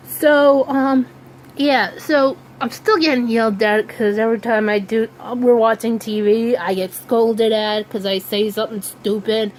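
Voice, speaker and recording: Slow, hesitant young woman vlogging. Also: on the high side, steady tone, a little hiss or hum, low-quality recording. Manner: hesitant, many ums and restarts, slow drawl. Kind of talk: casual rambling vlog.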